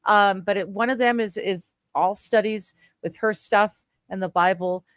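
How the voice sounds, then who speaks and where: A woman's voice: medium pitch, unhurried, dry recording. Woman, forties, podcast host, casual chat, giggly, rambling, dry close sound. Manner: giggly, rambling, many fillers and restarts.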